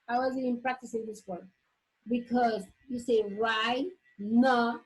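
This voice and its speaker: Woman teacher modeling words slowly. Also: fairly high pitch, steady tone, low-quality recording. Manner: slow, drawn-out modeling of example words; frequent checking "okay?" with the class. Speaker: English teacher. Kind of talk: classroom lesson on pronunciation.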